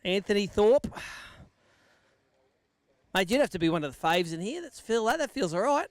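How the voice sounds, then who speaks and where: A man's voice: high-pitched, expressive, normal speed, no room sound, studio quality. An Australian man acting as MC at an outdoor fishing weigh-in, giving live commentary and bantering with the anglers.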